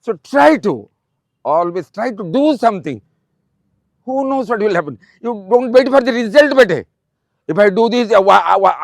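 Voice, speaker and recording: A man in his eighties with an Odia accent, a retired principal giving a fatherly, repetitive motivational speech to students, pausing often with um. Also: high-pitched, lively intonation, vocal fry, no room sound. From Odisha, India. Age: 80s.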